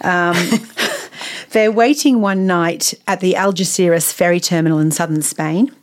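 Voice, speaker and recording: A woman's voice: on the low side, unhurried. A woman chatting enthusiastically about a novel she read, laughing now and then. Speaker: book reviewer. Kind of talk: casual book chat.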